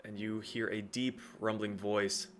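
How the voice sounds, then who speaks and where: A man's voice: fairly low pitch, level tone, measured pace, a bit bright, slight background noise. A man narrating as game master of a tabletop game, with a rambling delivery full of fillers and restarts.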